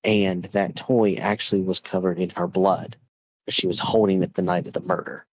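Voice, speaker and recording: A man's voice: sits low, flat delivery, normal speed, no room sound, muffled recording. A man hosting a podcast, casually and animatedly retelling a ghost story with lots of filler words. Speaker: podcast host.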